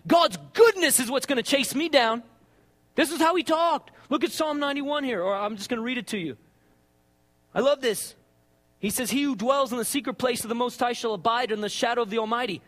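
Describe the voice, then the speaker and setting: A man preaching a sermon with passion, dropping to hushed tones and rising to shouts. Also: extremely high pitch, lively intonation, brisk. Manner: impassioned, swings between hushed and shouting. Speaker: pastor.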